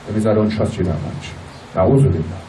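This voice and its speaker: A man's voice: fairly low pitch, fairly quick, warm tone. A man giving a religious lecture in a mosque hall, emotional, acting out the voices in his stories. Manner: emotional, acts out voices in storytelling. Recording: distant mic in a hall with faint noise.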